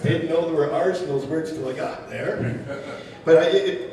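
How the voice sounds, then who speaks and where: A man's voice: a little high, normal speed, dark tone. A man from Milwaukee performing a stand-up comedy set, joking and stammering through restarts as he laughs at his own jokes. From Milwaukee, Wisconsin. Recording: distant mic in an echoey room with a crowd. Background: audience laughing.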